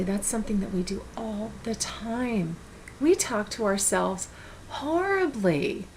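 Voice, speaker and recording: A woman's voice: fairly high pitch, creaky, darkish tone, a little hiss or hum, low-quality recording. A woman talking to camera in an earnest, encouraging way, giving casual self-help advice. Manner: earnest, encouraging, repeats words. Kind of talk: casual motivational talk to camera.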